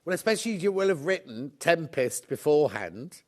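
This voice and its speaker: Chatty man, lively high voice. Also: brisk. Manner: chatty, rambling, full of anecdotes. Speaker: shopping channel presenter. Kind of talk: live TV shopping presentation.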